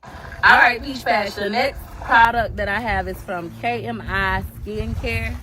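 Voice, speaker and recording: A woman's voice: medium pitch, fairly even intonation, a little slow. Blunt, brash woman reviewing products.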